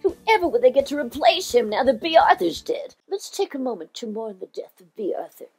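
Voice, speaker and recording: A woman voicing a scatterbrained older showbiz diva in a comic impression, talking in an excitable, rambling, gushing way. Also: sits high, a little fast, slightly rough, heavily acted. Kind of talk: comic celebrity impression monologue.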